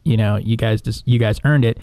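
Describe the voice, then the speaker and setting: A man's voice: fairly low pitch, fairly quick, dark tone, no room sound. A man co-hosting a podcast, chatting loosely, often laughing and acting out quoted lines. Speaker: podcast co-host. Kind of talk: casual chat.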